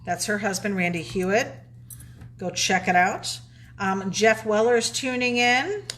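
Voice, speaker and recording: A woman's voice: medium pitch, a little slow, fairly bright tone, slight background noise. A woman co-hosting a live stream, chatting casually and reading viewer comments aloud. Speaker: co-host reading live chat.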